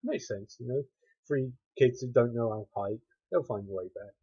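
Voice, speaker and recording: A man rambles through a recap of a bad horror movie, dropping dry, sarcastic asides as he goes. His voice is dark and mellow, and the recording sounds dull and lo-fi. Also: medium pitch, normal speed, slightly rough. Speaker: movie reviewer.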